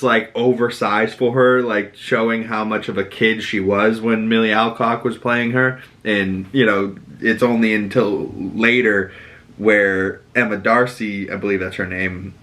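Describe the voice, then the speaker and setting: A man with a Boston accent recapping a TV episode as a podcast host, animated and sweary, acting out characters' lines. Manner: animated, quotes characters with dramatic pitch jumps and swearing. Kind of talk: casual recap monologue.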